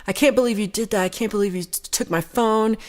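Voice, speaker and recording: A woman's voice: quick pace, close to an everyday voice. A woman voicing an angry woman who rants indignantly at a librarian. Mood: furious. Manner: shrill, indignant ranting.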